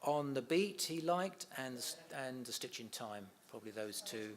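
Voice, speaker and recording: A man's voice: mid-range voice, expressive, moderate pace. A middle-aged man chatting casually in an interview, telling family anecdotes and laughing easily. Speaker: interview guest, son of a comedian.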